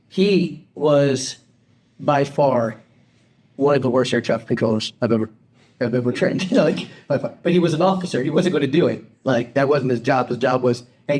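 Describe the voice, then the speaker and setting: A middle-aged man co-hosting a podcast, telling a personal story in a halting way with many restarts. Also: mid-range voice, a little mellow. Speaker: podcast co-host. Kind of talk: casual podcast chat.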